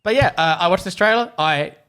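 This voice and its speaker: A man hosting a podcast, leading a casual chat with animated energy. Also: high voice, brisk, smooth. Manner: animated, leads the discussion. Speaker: podcast host.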